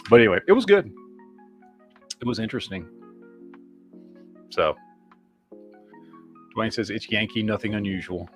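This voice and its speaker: A man's voice: lowish voice, normal speed, long pauses, faint music behind. Foul-mouthed rambling man podcaster. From Michigan, USA. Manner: heavy swearing, rambling, animated. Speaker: podcast host. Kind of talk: profane casual chat reading viewer comments.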